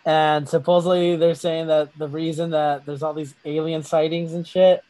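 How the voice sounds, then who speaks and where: A young man with a notably high voice chats loosely on a podcast. He rambles through stories full of profanity and breaks into laughter often. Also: little pitch movement, normal speed, warm tone, low-quality recording. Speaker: podcast co-host. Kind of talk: casual chat.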